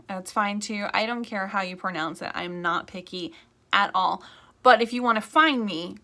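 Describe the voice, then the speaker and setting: A woman's voice: mid-range voice, moderate pace, pushed and bright. A woman real estate agent talking casually to camera, chatty and rambling, with frequent asides.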